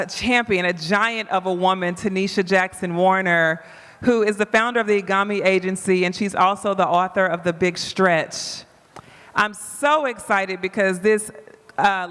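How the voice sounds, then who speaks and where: A woman podcast host welcoming listeners and hyping a live audience with excitement. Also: mid-range voice. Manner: exuberant, hypes the crowd, sings. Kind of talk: lively hosting at a live event. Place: live event stage. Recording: reverberant hall with background music.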